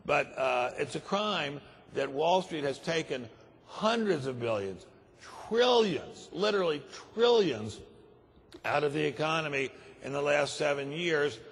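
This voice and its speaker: A man's voice: on the high side, measured pace, fairly bright tone, slightly rough, in a large hall. Grave older man giving a speech. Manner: grave, emphatic, repeats words for stress. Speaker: conference speaker. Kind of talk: keynote speech. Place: large conference hall.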